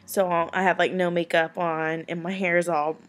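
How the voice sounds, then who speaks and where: A woman's voice: on the low side, level tone, moderate pace. A young woman, chatting casually to camera at home late at night, tired and rambling with lots of fillers. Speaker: vlogger answering viewer questions.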